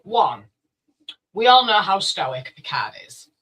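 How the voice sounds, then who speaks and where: A man's voice: high-pitched, very animated, slow pace, sharp tone, husky, poor audio. A man in a casual podcast chat who sets out his argument point by point. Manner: argues in numbered points.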